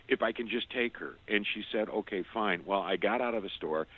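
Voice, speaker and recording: Older male interview guest, ex-radio voice, earnest and halting storyteller, slightly low pitch, thin phone-line quality. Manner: earnest, halting, with repeated restarts.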